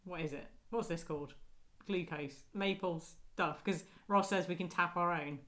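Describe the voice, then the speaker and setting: Woman, podcast co-host, giggly, musing, fairly low voice. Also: normal speed, a bit bright. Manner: giggly, asks musing questions, trails off. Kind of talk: casual chat recapping a sitcom episode.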